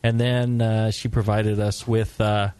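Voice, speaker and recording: A man's voice: lowish voice, level tone, unhurried, darkish tone, smooth, no room sound. A man hosting a casual beer talk show, joking and teasing his guests. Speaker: podcast host.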